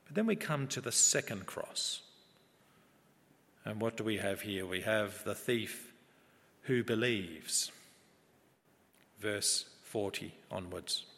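Slow, earnest preacher man in a hall. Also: fairly low pitch, gravelly, a bit bright. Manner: measured, earnest preaching with rising emphasis. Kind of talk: sermon. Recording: long reverb of a large hall.

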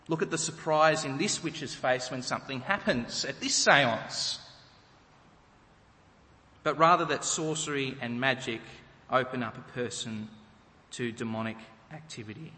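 A man delivers a sermon in an unhurried, deliberate way, pressing home his points with rhetorical questions. His voice is bright and sits a little high, and a long reverb trails behind it in a large hall. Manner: emphatic, rhetorical questions to the congregation. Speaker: preacher.

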